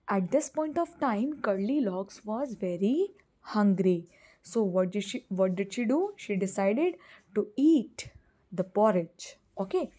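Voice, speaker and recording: A woman teaching as she tells a children's story, pausing to explain simple words. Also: mid-range voice, dark tone.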